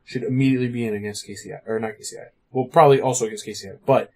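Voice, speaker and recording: A man's voice: medium pitch, steady tone, a little mellow. A man co-hosting a podcast, chatting casually about card game strategy, full of "like" and "you know". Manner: fast, filler-heavy, lots of "like" and "you know". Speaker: podcast co-host.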